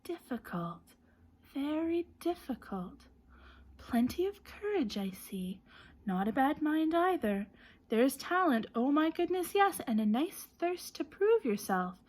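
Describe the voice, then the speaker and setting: A woman reading an audiobook, voicing a small-voiced old magical hat that ponders slowly and speaks in a hushed, thoughtful way. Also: high voice, sing-song, pitched above the performer's own voice, heavily acted. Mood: musing. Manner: slow, hushed, thoughtful weighing of choices.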